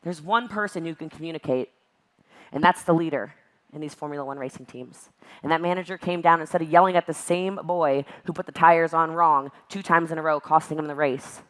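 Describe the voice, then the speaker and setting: A woman giving an emphatic, animated motivational talk at a virtual event. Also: deep voice, a little fast. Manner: emphatic and animated, acts out exasperated voices. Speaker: network marketing speaker.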